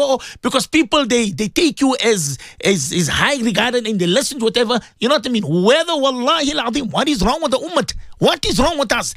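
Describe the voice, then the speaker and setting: A man preaches over the radio in a fervent, repetitive way, firing direct questions at his listeners. His pitch swings widely as he talks. The sound is close and dry, with no room around it. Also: very animated, fairly quick, hardly any pauses, fairly bright tone, dry recording. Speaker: radio presenter giving religious advice. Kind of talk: impassioned radio sermon.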